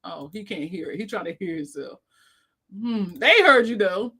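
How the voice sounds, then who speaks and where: A woman's voice: mid-range voice, animated, moderate pace, pushed and bright, breathy edge. A woman hosting a casual livestream chat, laughing constantly and reading viewer comments aloud. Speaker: livestream host.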